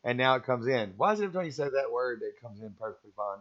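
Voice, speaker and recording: A man's voice: mid-range voice, lively intonation, rapid-fire, fairly bright tone. Man, stream host, rambling opinionated chat, slightly muffled lo-fi audio. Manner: rambling, opinionated, chuckles often. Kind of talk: casual live-stream chat.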